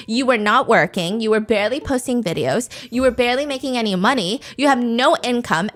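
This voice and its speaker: A woman's voice: on the high side, lightly acted. A woman voicing a furious young influencer ranting on a livestream, cursing and sarcastic.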